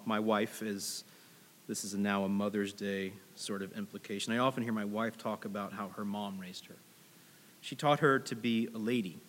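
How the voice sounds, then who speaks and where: A pastor in his thirties delivers a sermon in a large hall of a church sanctuary, his lowish voice fairly bright. He preaches in a conversational, storytelling way and speaks directly to the people in the pews.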